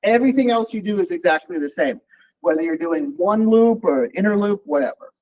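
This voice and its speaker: The man's voice is high and fairly quick, with the highs cut off in the audio. He's relaxed, teaching a college programming class by thinking aloud as he types and runs code in a live coding lecture.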